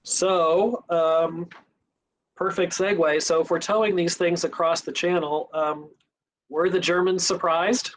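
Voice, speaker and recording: A man moderating a panel discussion and asking questions in an unhurried way. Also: a little high, steady tone, slight background noise, low-quality recording.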